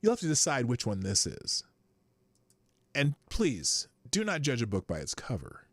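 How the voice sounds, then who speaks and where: Man, live show host, rambling, profane, lively swooping pitch, dry close sound. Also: moderate pace, no room sound. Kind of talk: casual commentary.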